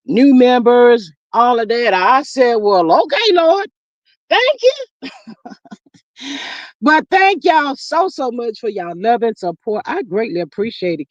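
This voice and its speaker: A woman hosting a casual livestream, greeting viewers and reading their comments aloud in a lively, sassy way. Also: on the high side, dry recording, lo-fi sound. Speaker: livestream host.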